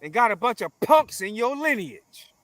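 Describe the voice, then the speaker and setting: A man speaking as an interview guest in a forceful, emphatic, preaching way, full of repetition and blunt profanity. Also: extremely high pitch, sing-song, normal speed, dry recording. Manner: forceful, emphatic, preaching cadence with repeated phrases. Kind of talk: confrontational conversational interview.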